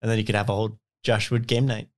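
A man's voice: on the low side, level tone, racing. A man co-hosting a podcast, chatting casually about board games with many fillers and restarts. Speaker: podcast co-host. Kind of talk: casual board game chat.

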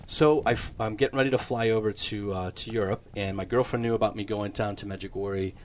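Low-voiced man telling his faith story. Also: fairly even intonation, fast talker, a little hiss or hum. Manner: earnest, conversational, with fillers and self-corrections. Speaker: priest guest.

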